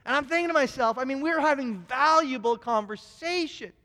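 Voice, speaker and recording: Man, high-pitched, lively sermon storyteller, long room reverb. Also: brisk. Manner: storytelling, animated, many restarts. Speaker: preacher. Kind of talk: sermon with personal stories.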